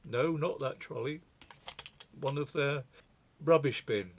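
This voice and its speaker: Older man, presentation talk, wry digressions, even mid-range voice. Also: medium pitch, slow pace, a little hiss or hum. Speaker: speaker presenting to a forum.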